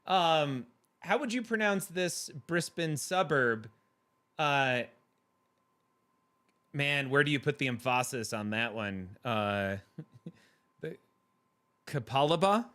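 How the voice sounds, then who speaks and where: A man's voice: medium pitch, lively intonation, slow, long pauses, pushed and bright. A man hosting a livestream, chatting casually with viewers and laughing often in a playful way. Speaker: livestream host reading chat. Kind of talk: casual chat.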